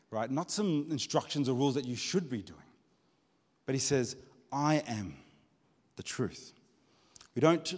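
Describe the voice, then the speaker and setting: A man preaching in a conversational, earnest way, his voice sitting in a middle register. He often doubles back on words mid-sentence as he works toward his point. His voice carries a long reverb, like a large church hall. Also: medium pitch. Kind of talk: sermon.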